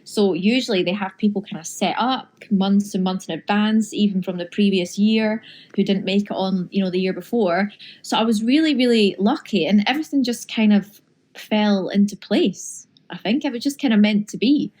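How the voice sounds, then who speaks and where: A woman's voice: medium pitch, normal speed, darkish tone. A woman in her thirties, a guest on a podcast, chatting in a bubbly way and laughing often. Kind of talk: casual interview chat.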